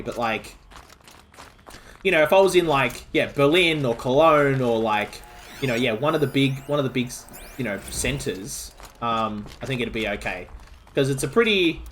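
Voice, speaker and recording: A man's voice: mid-range voice, fairly bright tone, slight background noise. A man with an Australian accent streaming a video game, chatting casually and rambling with lots of filler words and restarts. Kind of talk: casual chat while playing a game.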